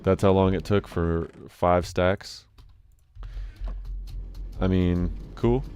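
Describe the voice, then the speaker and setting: A young man with a deep voice rambles casually as he plays a game, chatting with a friend on a call. His desk microphone picks up faint hiss from his home room. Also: flat delivery, slow, darkish tone. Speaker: gaming streamer. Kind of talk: casual let's-play chat.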